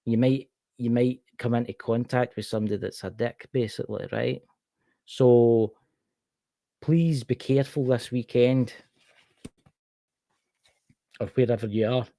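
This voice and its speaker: A man's voice: medium pitch, dark tone, dry recording. A man with a Scottish accent giving a casual tarot card reading on a livestream, chatting to a viewer by name as he turns each card.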